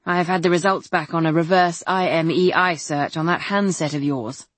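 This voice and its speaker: A woman's voice: fairly low pitch, steady tone, normal speed, no room sound, natural voice. A woman reading a wry, matey male crime officer.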